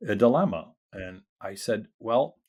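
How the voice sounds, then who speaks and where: Deep-voiced older guy spinning a story on an interview podcast, acts out the other people, pretty casual, swears a bit. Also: fairly quick. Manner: animated storyteller acting out quoted dialogue. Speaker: guest.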